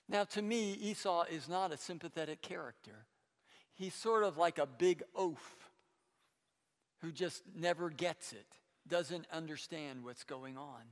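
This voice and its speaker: A man preaching a sermon, retelling a Bible story in a conversational way, with stammered restarts and animated quoting. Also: fairly high pitch, unhurried, in a large hall.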